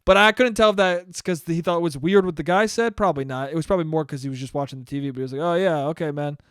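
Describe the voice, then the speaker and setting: A man's voice: fairly high pitch, very fast, a bit bright, clean tone, no echo, clean studio sound. A young man hosting a casual solo podcast, rambling sarcastically and swearing often. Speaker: podcast host.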